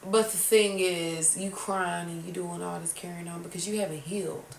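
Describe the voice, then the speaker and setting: A woman's voice: fairly low pitch, moderate pace, vocal fry. Young woman in her 20s chatting on a podcast, cussing, acting out the drama, roomy sound, far off the mic, a bit of hiss. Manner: animated storyteller, swearing freely, acts out quoted outbursts. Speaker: podcast host. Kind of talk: casual chat. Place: room at a kitchen table.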